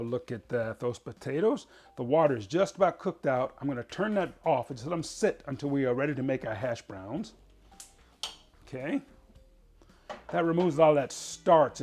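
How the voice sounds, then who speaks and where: A man's voice: mid-range voice, expressive, normal speed, darkish tone. A man hosting a cooking show, chatting folksily to viewers as he demonstrates.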